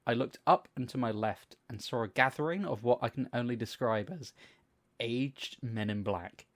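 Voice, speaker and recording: Young guy on a podcast, mid-pitched voice, rambling funny stories, swears a lot, does the other people's lines. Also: normal speed. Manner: animated storytelling, swears freely, acts out quotes. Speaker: podcast co-host. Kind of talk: casual chat.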